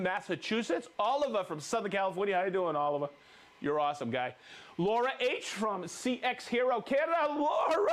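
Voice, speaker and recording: A man hosting a live stream, joking and reading out viewers' names with excited whoops. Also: high voice. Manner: upbeat, jokey, reads viewer names with whoops. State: recovering from a cold. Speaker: livestream host.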